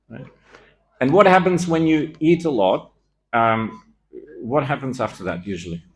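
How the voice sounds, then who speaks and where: A man giving a scripture class in a temple, telling the story with animation and acting out the quoted lines. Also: fairly low pitch.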